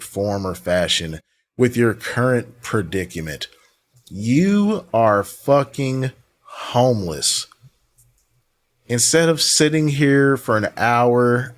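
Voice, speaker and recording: A man's voice: mid-range voice, fairly bright tone. A man doing commentary over a stream, talking back with dismissive sarcasm. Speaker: commentary host. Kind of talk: mocking commentary.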